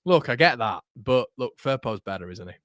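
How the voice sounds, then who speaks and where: A man's voice: mid-range voice, expressive, moderate pace, a bit bright, no echo, studio quality. A young man hosting a live football watchalong, chatty and casual, who keeps breaking into giggles. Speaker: host.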